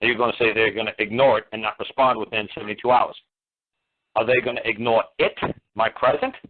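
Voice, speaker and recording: A man's voice: fairly low pitch, fairly even intonation, fast. Combative man firing rhetorical questions. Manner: blunt, swears. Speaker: radio talk show host. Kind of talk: lecturing on a call-in radio show. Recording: tinny phone-line radio audio.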